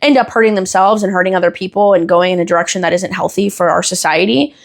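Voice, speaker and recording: A young woman hosting a podcast, telling a story in a casual, animated way, swearing freely and laughing often. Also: lowish voice, fast talker, gravelly. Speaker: podcast host.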